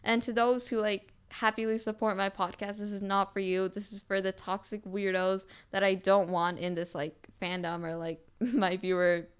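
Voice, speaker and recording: Smooth-voiced teenage girl ranting. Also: medium pitch, normal speed, hardly any pauses. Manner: animated, heavy use of "like" fillers. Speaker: podcast host. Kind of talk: casual rant to viewers.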